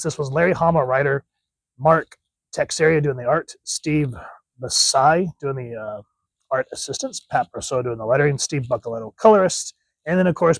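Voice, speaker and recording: A man reviews a comic in an easygoing, rambling way, stopping himself with "like" and "wait a minute" asides. His pitch sits in a middle range. The sound is dry and close, with no room echo. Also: gravelly.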